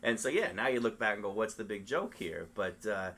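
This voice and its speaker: A man's voice: lowish voice, animated, a little fast, fairly bright tone. A man hosting an interview, asking questions casually and reacting with enthusiasm. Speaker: podcast host.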